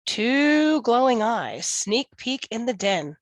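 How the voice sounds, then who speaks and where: A woman reading a children's picture book aloud in a slow, expressive, sing-song way. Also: a little high, dry recording. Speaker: storyteller.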